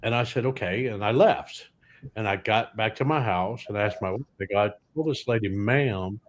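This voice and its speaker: Speaking at normal speed in a fairly low voice, this Louisiana man in his sixties is a podcast guest comedian. He spins meandering stories and lands them with dry punchlines.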